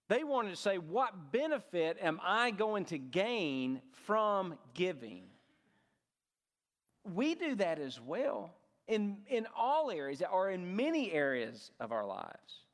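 A man's voice: sits high, long reverb tail. A male pastor preaching a sermon, rising and dropping his voice for emphasis.

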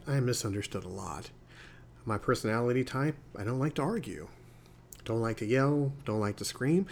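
A man in his forties hosting a solo podcast, musing calmly about life, with rhetorical asides. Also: on the low side, creaky, slight background noise. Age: 40s. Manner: calm, reflective, preachy musing with rhetorical asides. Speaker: podcast host.

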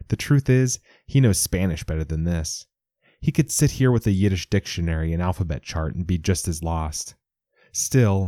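Deep, dark-toned male storyteller. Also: dry recording, clean studio sound. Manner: measured, even storytelling. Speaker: narrator. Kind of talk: scripted audiobook narration.

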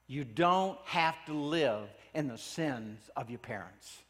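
A man preaching a sermon in a church, earnest and pleading, often dropping his voice to a hush for emphasis. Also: medium pitch, unhurried, few pauses, big-room sound. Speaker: pastor.

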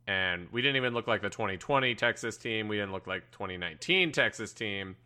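A male sports talk host takes a game apart in a measured, analytical way. His voice is bright and forward. It sits a little low.

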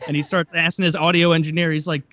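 A man's voice: on the high side, flat delivery, fast, a bit bright, muffled recording. A man co-hosting a podcast in casual chat, telling loose stories with crude jokes. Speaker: podcast co-host.

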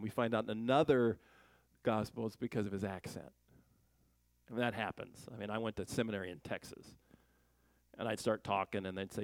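A male Bible teacher with a gravelly, low-textured voice, recorded close and dry. He reads scripture aloud, then comments on it in a loose, conversational way. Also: a little fast, darkish tone, no echo. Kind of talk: casual verse-by-verse Bible teaching.

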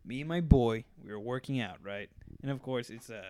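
A young man co-hosting a podcast, telling a story in casual chat with animated quoted voices and frequent laughter. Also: medium pitch, brisk. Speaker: podcast co-host.

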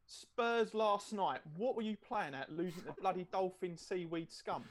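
A man's voice: high voice, expressive, unhurried, over a noisy crowd. A man doing a jokey, teasing football chat on a podcast. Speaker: podcast co-host.

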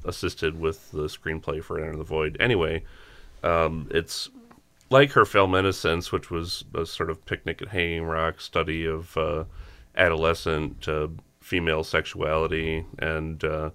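A man on a film podcast, describing films in a measured way with frequent ums. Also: very deep voice, level tone, fairly bright tone, clean tone. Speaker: podcast co-host. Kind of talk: casual chat.

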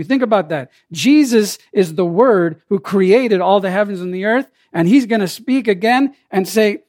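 A man's voice: sits high, normal speed, hardly any pauses, a little mellow, no echo, studio quality. A man preaching a sermon as pastor, with emphatic delivery that rises and falls.

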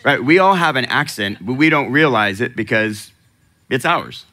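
A man's voice: medium pitch, expressive, moderate pace, sharp tone. A man preaching a sermon in a conversational way, asking the congregation questions and laughing often. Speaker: pastor.

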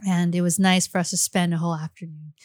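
A woman's voice: on the low side, little pitch movement, quick pace, darkish tone, dry recording, studio quality. A woman from the United States, an action film actress, chatting casually as a podcast guest, laughing often and filling her talk with "like" and "you know".

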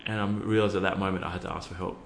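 A man's voice: low-pitched, steady tone, very fast, creaky, reverberant, slight background noise. A man, a youth worker, telling a personal story earnestly with many fillers and restarts. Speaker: podcast guest, youth worker.

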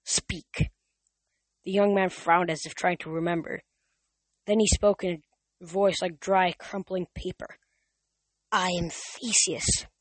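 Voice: mid-range voice, steady tone, moderate pace, no room sound. An amateur reader narrating a novel chapter in a plain voice, with frequent slips and restarts. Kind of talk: amateur audiobook reading.

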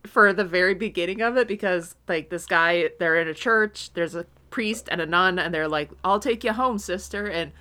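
Young woman podcast co-host, animated and sweary, with a bright, sharp tone. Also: lowish voice, normal speed, hardly any pauses, clean tone. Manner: animated, swearing, laughing often. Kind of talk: casual chat reviewing a TV episode.

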